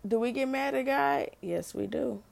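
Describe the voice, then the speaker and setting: A woman's voice: sits high, expressive, moderate pace, vocal fry. A middle-aged mother sharing an unscripted faith testimony, speaking earnestly to listeners and often repeating and restarting her phrases.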